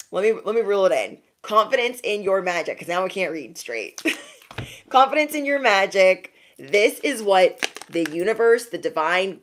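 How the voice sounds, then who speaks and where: A woman's voice: fairly low pitch, fairly bright tone, slight background noise. A young woman doing a casual spiritual card reading, chatty and laughing often as she talks to her viewers. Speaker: tarot reader.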